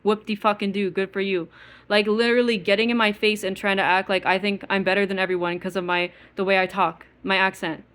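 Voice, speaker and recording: A woman's voice: mid-range voice, level tone, fast talker, few pauses, a bit bright, clear, resonant tone. A woman with an East Coast American accent, ranting bitterly to her viewers in a casual, profane way, with many repeated words and filler likes. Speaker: vlogger. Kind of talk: casual rant to camera.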